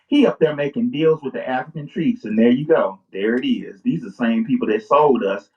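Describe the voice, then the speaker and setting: A man's voice: medium pitch, fairly quick, hardly any pauses. A man joining a live stream as a guest scholar, speaking confidently in casual discussion. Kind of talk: casual discussion, reading a passage aloud. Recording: distant, muffled call audio.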